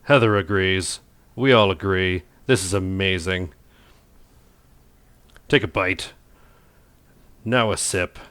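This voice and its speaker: A man's voice: low-pitched, takes it slowly, pauses often, a bit bright, smooth, no room sound. Goofy man hosting a cooking video. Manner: playful and goofy, jokes self-mockingly. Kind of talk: casual cooking vlog narration.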